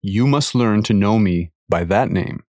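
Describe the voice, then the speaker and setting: A man voicing a great, wise lion who speaks softly and gently while reading a story aloud. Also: animated, a little slow, dry recording. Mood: gentle. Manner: soft, gentle, low-spoken.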